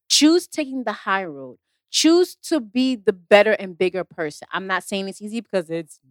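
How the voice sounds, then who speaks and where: A woman's voice: medium pitch, no room sound. A woman talking about her acting career in a casual motivational talk, emphatic and repetitive, acting out the exchanges she quotes. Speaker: actress giving career advice.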